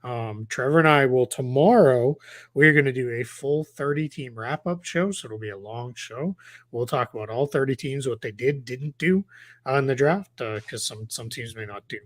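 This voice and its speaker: A man's voice: mid-range voice, normal speed. Rambling male live-stream host. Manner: rambling, many fillers and restarts. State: has the hiccups. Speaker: podcast host. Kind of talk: casual live-stream chat.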